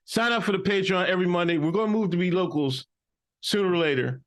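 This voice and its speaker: A middle-aged man co-hosting a comedic podcast, teasing his co-host with mock accusations in lively banter. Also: high voice, fast.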